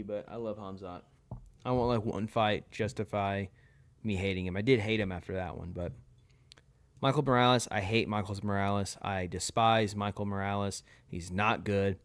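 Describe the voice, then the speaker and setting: A young man with a low, smooth voice talks in a casual commentary style. He hands out blunt, opinionated verdicts one after another, quickly and without hedging. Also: fairly even intonation. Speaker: tier list video host.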